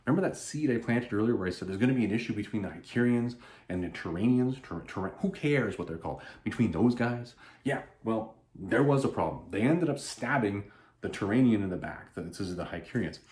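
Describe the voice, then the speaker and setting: A man with a low voice casually recaps a comic book story, rambling and animated with a lively swing of pitch. He often trips over and restarts his words. The sound rings in an echoey room. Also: fairly quick. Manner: animated, rambling, self-interrupting. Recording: roomy echo.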